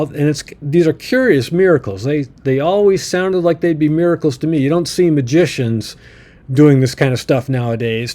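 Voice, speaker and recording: A man's voice: mid-range voice, warm tone. A man teaching through a Bible passage, reading old-fashioned verses aloud and adding folksy, chuckling asides in a casual commentary style.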